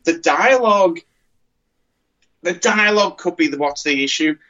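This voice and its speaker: A man talks in a loose, rambling way, often circling back and restarting his sentences. His voice sits a little high. The recording sounds dull and lo-fi. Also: moderate pace, pushed and bright. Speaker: podcast co-host. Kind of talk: casual chat.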